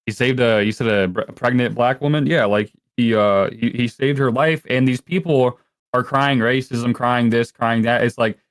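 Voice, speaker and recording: A man's voice: medium pitch, moderate pace, dry recording. Man, young adult, podcast guest, rambling, profane, dry recording. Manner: rambling, profane, heavy with filler words. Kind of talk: casual podcast chat.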